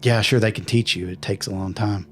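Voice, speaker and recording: A man voicing a secretive, brooding male vampire who speaks quietly and hesitantly. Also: on the low side, fairly even intonation, brisk, faint music behind, natural voice. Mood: guarded.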